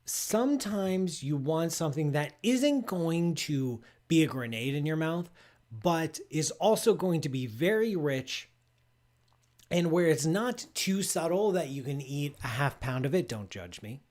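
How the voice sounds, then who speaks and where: Chatty, slightly high-voiced man. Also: animated, unhurried, a little mellow. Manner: loose and chatty, full of "like" and restarts; playfully enthusiastic food tasting. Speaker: astrophysicist host of a live call-in space show. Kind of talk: casual live-stream chat.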